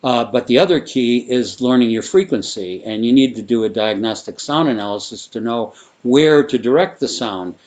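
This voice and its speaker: Male sound therapy teacher, mid-pitched, loose and rambling, guided exercise delivery. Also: normal speed, hardly any pauses. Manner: relaxed, rambling, with frequent fillers and restarts. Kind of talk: guided vocal exercise instruction.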